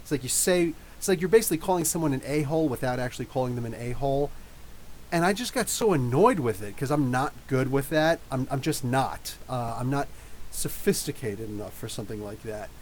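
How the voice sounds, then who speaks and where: A rambling, chatty man in his thirties from New Jersey hosts a live podcast Q&A. His voice sits at an ordinary middle pitch for a man, with a faint hiss underneath. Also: animated, a little fast, a little mellow. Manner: rambling, chatty, frequent restarts and fillers. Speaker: podcast host. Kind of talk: casual live Q&A chat.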